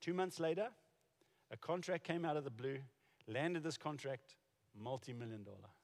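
A man's voice: medium pitch, normal speed, a little mellow. A man in his forties or older, a pastor preaching a sermon and telling stories conversationally, with frequent restarts. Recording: reverberant hall.

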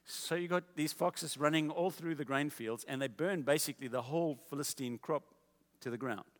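A male preacher tells a story in a casual, animated way. His fairly high voice carries through a large hall with a long, lingering reverb. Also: normal speed. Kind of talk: storytelling sermon.

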